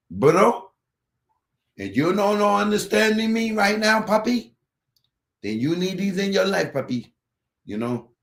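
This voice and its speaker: A loud, pushy salesman put on by a man pitches his product hard in a raised, excited voice and mixes in Spanglish. The room is roomy and echoey. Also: gravelly. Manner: high-energy sales pitch, says "papi" and "puppy" over and over. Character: pushy male hype salesman talking Spanglish. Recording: roomy echo.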